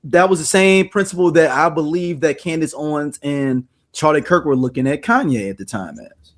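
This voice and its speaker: A podcast host with a fairly high-pitched voice talks at a normal speed, joking around and telling animated stories in loose, casual chat.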